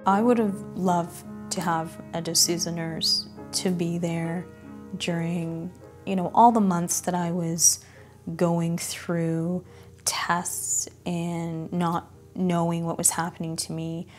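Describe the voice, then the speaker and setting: A woman's voice: on the low side, level tone, a little slow, soft background music. A woman who is a cancer patient, telling her story in an interview in an earnest, reflective way. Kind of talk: interview testimony.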